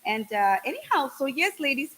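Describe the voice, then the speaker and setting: A woman hosting a podcast in casual chat, bubbly and exclamatory, giving shout-outs to viewers. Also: sits high, big pitch swings, a little fast, poor audio. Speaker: podcast host.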